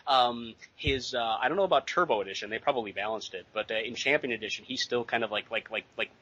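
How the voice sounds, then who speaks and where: A man in his late thirties co-hosting a casual podcast, rambling excitedly with lots of fillers and swearing. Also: mid-range voice, quick pace, lo-fi sound. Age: late 30s. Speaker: podcast co-host.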